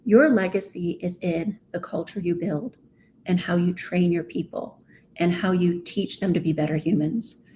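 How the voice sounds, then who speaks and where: A woman's voice: fairly low pitch, moderate pace, warm tone, a little hiss or hum. A woman, a business coach, speaking as a podcast guest in an emphatic way, often asking "right?". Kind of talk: podcast interview.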